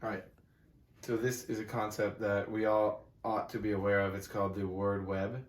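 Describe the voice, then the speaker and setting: A man's voice: fairly low pitch, level tone, moderate pace, echoey room. A man, a self-help coach, teaching casually to camera in a room with a whiteboard, talking conversationally and emphatically and checking in with the listener often.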